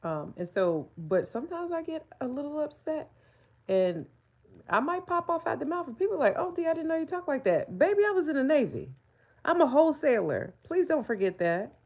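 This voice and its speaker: A woman's voice: high-pitched, very animated, normal speed, a little mellow. Chatty woman in her forties. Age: 40s. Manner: candid and chatty, laughs often, talks back to the chat. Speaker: livestreamer. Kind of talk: casual live-stream chat.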